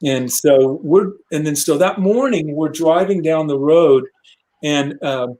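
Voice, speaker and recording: A man telling a tour story in a casual interview, animated and acting out the voices of people in it. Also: fairly high pitch, a little slow, low-quality recording. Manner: animated, acts out voices in quotes. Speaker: guest musician.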